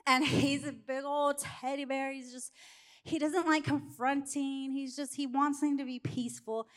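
A middle-aged woman preaching a sermon, telling a candid personal story in an animated way. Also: sits high, unhurried.

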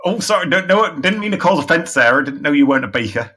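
A man doing a higher, fawning trader. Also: expressive, fast, pushed and bright, slightly rough, exaggerated voice. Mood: apologetic. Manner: deferential, wheedling, calls others madam. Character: humble male trader with a family to feed.

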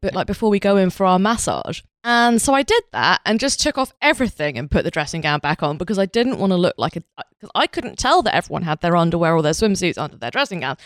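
A woman's voice: fairly low pitch, big pitch swings, fast talker, hardly any pauses, no echo, clean studio sound. A woman hosting a podcast, telling a rambling, self-mocking story full of filler words. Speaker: podcast host.

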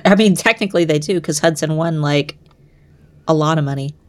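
A woman's voice: sits low, moderate pace. Chatty young woman podcast co-host. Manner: chatty, laughs often, trails off mid-sentence. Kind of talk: casual book discussion chat.

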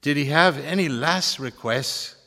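A man voicing a kindly old Irish parish priest in a deliberately phony Irish accent. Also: on the high side, gravelly, bright, forceful tone, voice pushed up, heavily acted. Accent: put-on Irish. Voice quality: exaggerated phony brogue. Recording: long hall reverb.

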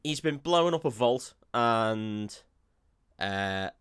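A man's voice: medium pitch, lively intonation, slow pace, a bit bright, smooth, no echo. A man co-hosting a casual film chat, joking, swearing and laughing often. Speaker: podcast co-host.

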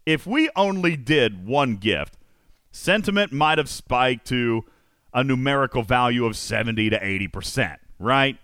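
A man's voice: medium pitch, animated, measured pace, a bit bright, no room sound, clean studio sound. A man hosting a casual stream, telling a story with lots of laughter and animation. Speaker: host.

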